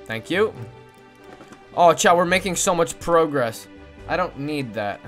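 An excitable woman streamer gives casual gaming commentary, her pitch leaping wildly from squeals of delight to low mumbles. She coos at a pet in a baby voice, with faint game music playing underneath. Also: a little slow. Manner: excitable, swinging between squealing joy and mumbled asides.

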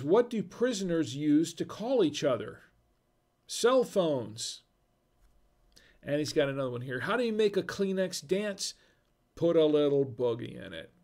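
A man's voice: a little high, creaky, darkish tone. A man hosting a casual livestream, reading viewer jokes, chuckling at them and trailing off mid-sentence.

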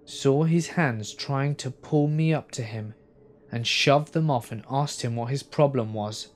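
Slow-reading male horror narrator. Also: mid-range voice, slight background noise. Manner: slow, subdued storytelling. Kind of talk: scripted narration of horror stories.

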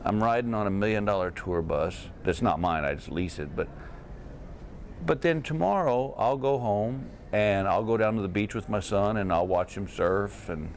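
A man's voice: lowish voice, normal speed, slight background noise. A middle-aged man from Texas, a comedian telling stories in a casual interview and laughing through them. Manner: animated, laughs through his own stories. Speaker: comedian guest. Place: hotel room.

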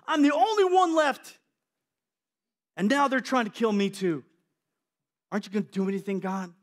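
A worn-out prophet pours out his grievances in a high, aggrieved voice, acted by a male preacher. He pleads and complains as he speaks. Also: brisk, close to an everyday voice. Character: weary prophet Elijah, complaining and self-pitying.

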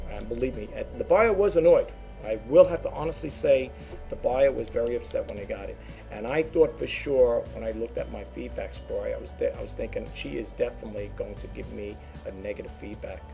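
A man's voice: fairly high pitch, vocal fry, warm tone. A man who resells online, chatting casually to his viewers, rambling and repeating words as he goes. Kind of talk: casual talk to camera.

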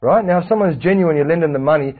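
A man giving a casual religious class, lively and animated, acting out little anecdotes. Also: a little high, fast, slightly rough. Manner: lively, animated, acts out anecdotes, frequent restarts. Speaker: religious teacher. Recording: tinny phone-like lo-fi recording.

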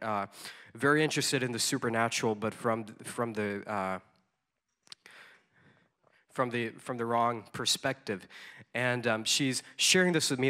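A man's voice: mid-range voice, pushed and bright. A man preaching in a storytelling way, conversational, with frequent ums and repeated words. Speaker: conference speaker. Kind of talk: storytelling sermon.

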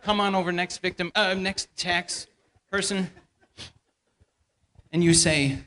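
A man's voice: high-pitched, fairly even intonation, slow, long pauses, bright, forceful tone. A man, a church elder, teaching a Bible lesson by playfully directing volunteers through a staged skit in front of a congregation. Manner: playful, directing volunteers and feeding them lines. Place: church hall before a congregation.

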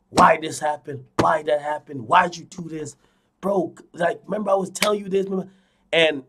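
A young man streaming, telling a dream to his viewers in a casual, animated way, swinging from loud to hushed, repeating phrases and swearing a lot. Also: medium pitch, husky. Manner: frequent fillers and profanity. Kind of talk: casual storytelling to a live audience.

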